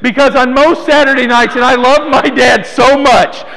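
A man preaches to a small church, his voice sitting very high for a man. He teases listeners by name between points. The sound rings on with long hall reverb. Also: fairly even intonation, moderate pace, vocal fry, pushed and bright. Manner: playful, teasing congregation by name. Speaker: pastor. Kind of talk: sermon.

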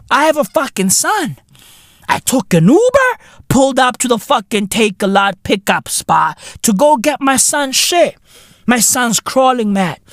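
A man hosting a podcast, ranting solo with loud swearing, swinging between shouts and low muttering. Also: huge pitch swings, a little slow, dry recording, clean studio sound. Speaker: podcast host. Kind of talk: solo comedic rant.

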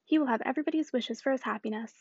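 A woman reading the part of a lively, self-assured young lady who speaks quickly and eagerly. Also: sits high, slightly rough, no room sound, muffled recording.

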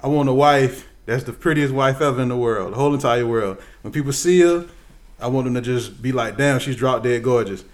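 A man's voice: mid-range voice, a little fast, pitched below the performer's own voice, natural voice. Man doing a greedy boastful guy. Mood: eager. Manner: eager, crude. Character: greedy boastful adult man making wishes.

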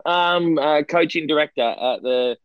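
A man's voice: a little high, unhurried, smooth, no room sound, highs cut off. An Australian man, a former footballer and now coaching director, chatting as an interview guest and telling long stories with many fillers and restarts. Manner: rambling, self-deprecating storyteller with many restarts and fillers. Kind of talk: casual interview chat.

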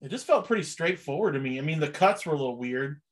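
A young man co-hosts a podcast in casual chat, his voice sitting a little high and his pace quick. He rambles along in a relaxed way and laughs often.

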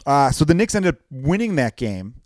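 A man co-hosting a podcast in casual, joking chat, animated and quick to laugh. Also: mid-range voice, no echo, clean studio sound. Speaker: podcast co-host.

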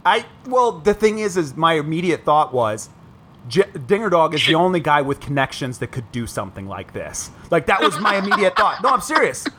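A man in his thirties jokes around on a casual podcast, piling up exaggerated complaints between bursts of laughter. His voice sits high and sounds bright and forward. A faint hiss runs underneath. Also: sing-song, fairly quick. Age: 30s. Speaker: podcast co-host.

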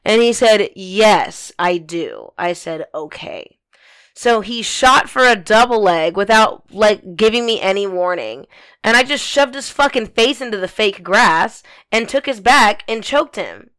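A woman's voice: mid-range voice, animated, measured pace, fairly bright tone, smooth. A young woman telling a story in casual podcast chat, blunt and swearing freely, with many fillers.

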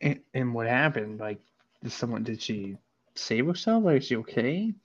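A man hosting a casual chat, playful and quick to laugh and swear. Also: mid-range voice, big pitch swings. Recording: dull lo-fi sound.

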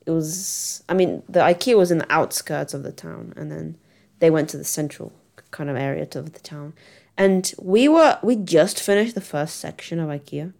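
A woman's voice: sits low, moderate pace, gravelly, a little mellow. A young woman, chatting casually to camera in a giggly, rambling, self-mocking way. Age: young adult. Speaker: vlogger.

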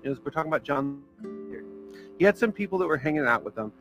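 A man's voice: a little high, lively intonation, fast, a bit bright, soft background music, poor audio. A man preaching a sermon as pastor, in a casual, conversational way with fillers and small jokes.

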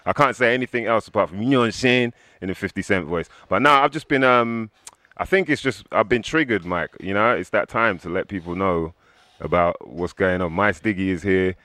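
A man's voice: low voice, a little fast, sharp tone, no room sound. A man co-hosting a podcast, talking in a laid-back, slangy way and laughing easily. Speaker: podcast co-host. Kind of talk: casual interview chat.

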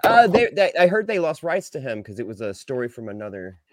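A man co-hosts a casual podcast, getting excited easily and jumping high when thrilled. His pitch swings widely as he talks. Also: fairly quick, dry recording. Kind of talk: casual chat.

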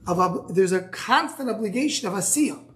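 Halting man teaching a Talmud class. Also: high voice, expressive, a bit bright. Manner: explains step by step, asks and answers himself; halting, restarts words. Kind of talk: live Gemara class.

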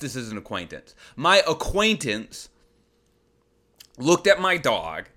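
Young guy podcasting, bright voice swinging all over the place, incredulous comedic rant. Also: on the high side. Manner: incredulous, exasperated rants with rhetorical questions. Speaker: podcast host answering listener questions. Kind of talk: comedic advice monologue.

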